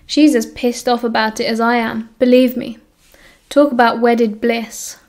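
A woman with a British accent reading the lines of a bitter, dramatic teenage boy wizard who enunciates crisply. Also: on the high side, little pitch movement, a little slow, darkish tone.

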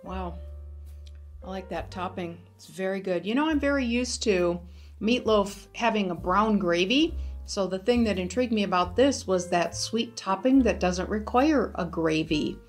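An upbeat woman hosts a cooking show from her home kitchen, chatting to the camera as she demonstrates each step. Her voice sits at an ordinary middle pitch. Soft music plays faintly behind her. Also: normal speed.

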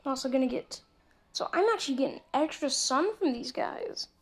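A high, bright-pitched woman chats through a mobile game as she plays it. Her running commentary is casual and talkative, and she breaks off into little muttered asides. She speaks straight to her viewers and sounds like she is on a phone's built-in mic. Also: lively intonation, fairly quick, husky. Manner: chatty, talks to viewers while playing, muttering asides. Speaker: gameplay commentator. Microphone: phone screen recording mic.

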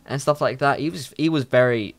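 A young man from telling a story in a casual vlog, animated and full of swearing. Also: mid-range voice. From London. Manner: animated, heavy swearing, quick asides. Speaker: YouTuber.

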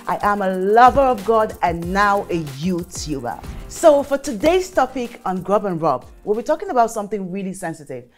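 A woman hosting a casual talk show, animated and emotional, speaking dramatically. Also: medium pitch. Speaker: host.

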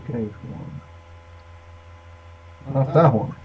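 A man's voice: mid-range voice, very slow, highs cut off. A man thinking aloud at a workshop bench, rambling casually with wry asides as he demonstrates electronics work. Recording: distant mic with faint room noise.

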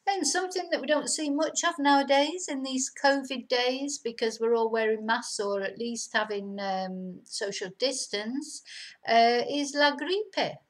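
A woman's voice: fairly high pitch, poor audio. Chatty middle-aged woman teaching vocabulary. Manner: chatty, repeats words slowly and clearly. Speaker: language teacher. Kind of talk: casual vocabulary lesson. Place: home in Spain.

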